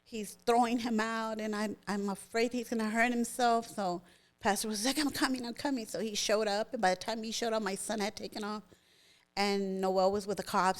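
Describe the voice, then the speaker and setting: A middle-aged woman, a podcast guest, recounting a personal story vividly and emotionally. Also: medium pitch. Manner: vivid, emotional retelling that acts out others' words.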